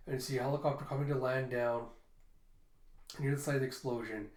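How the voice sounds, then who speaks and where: Reading a comic aloud in a casual way, this male host describes the panels and drops in fillers as he goes. His medium-pitched, darkish voice is flat and fast, heard with a roomy echo.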